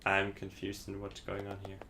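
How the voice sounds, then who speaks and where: A man's voice: deep voice, monotone, normal speed, background noise. A man from Iceland, a native Icelandic speaker, giving casual gameplay commentary in English, hesitant and rambling with many fillers. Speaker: streamer playing a game.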